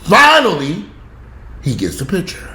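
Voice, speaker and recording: Man, heated profane home rant, very animated pitch, echoey room with faint background hum. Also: brisk. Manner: heated, swearing, pitch jumping up when outraged. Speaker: vlogger.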